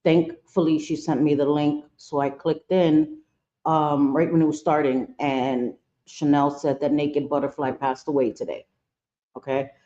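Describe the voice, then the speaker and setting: A woman hosting a casual livestream, greeting viewers one by one with pet names, apologizing often and pausing on fillers. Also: deep voice, level tone, mellow. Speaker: live-stream host. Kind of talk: casual live-stream chat. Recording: dull lo-fi stream audio.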